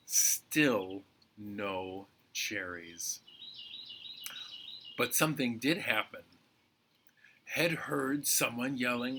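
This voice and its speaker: Slow, playful male children's storyteller. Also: medium pitch, slight background noise. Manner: playful, expressive, drawn out. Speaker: library storyteller.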